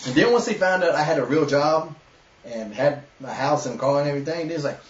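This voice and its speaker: A man's voice: a little high, brisk. A man with a Southern US accent telling a long, profane story in casual chat and laughing as he goes. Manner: profane, animated storyteller who laughs as he tells it. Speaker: webshow host. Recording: echoey, lo-fi room mic from a distance.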